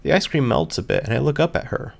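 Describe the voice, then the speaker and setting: A man with a gravelly voice reading a first-person story aloud in an earnest, emotional way. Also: medium pitch, very animated, quick pace. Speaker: reader. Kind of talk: scripted fan fiction narration.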